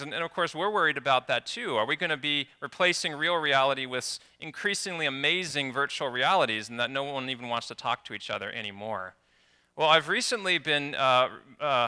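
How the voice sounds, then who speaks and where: Bright-voiced man giving a conference talk. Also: medium pitch, clean tone. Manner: storytelling, animated with some restarts. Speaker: conference speaker. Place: conference hall.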